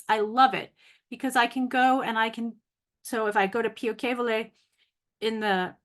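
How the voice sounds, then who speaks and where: A woman's voice: on the high side, fairly bright tone. A woman giving a casual video lesson on vocabulary, sounding out long words carefully and correcting herself as she goes. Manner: thinking aloud, self-correcting, laughs at own slips. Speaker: language teacher.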